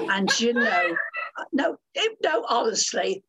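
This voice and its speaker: A woman's voice: fairly high pitch, big pitch swings, slow, sharp tone, slightly rough, poor audio. An older woman telling stories as a guest on an interview podcast, in a dramatic, theatrical way. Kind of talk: storytelling interview.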